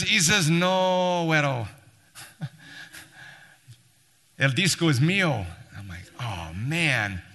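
Lively man telling a story in a hall. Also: mid-range voice. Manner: lively, sarcastic storyteller acting out dialogue. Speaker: church member telling a story. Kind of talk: storytelling to a church group. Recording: long hall reverb.

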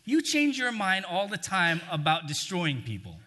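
A preacher voicing an exasperated Jonah. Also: male voice, high voice, wildly swooping pitch, moderate pace, sharp tone, a little hiss or hum, exaggerated voice. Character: indignant prophet Jonah, grown man, complaining.

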